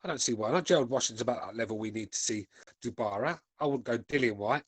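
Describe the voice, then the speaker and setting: Casting: blunt, sweary British male host, forties, mid-pitched, dry close-mic sound. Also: quick pace, slightly rough, dry recording. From United Kingdom. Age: 40s. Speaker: podcast host reading chat. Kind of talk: casual chat.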